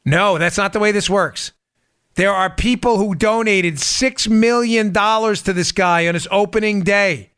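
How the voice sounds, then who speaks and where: Male podcast host, sharp bright tone, mocking monologue. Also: sits high, clean tone, no room sound, studio quality. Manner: animated, mocking quoted voices, quick asides. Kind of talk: political talk show monologue.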